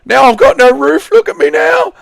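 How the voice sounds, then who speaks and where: A man putting on a shrill, wailing old man who has lost his roof. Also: very animated, moderate pace, gravelly, no echo, full character voice.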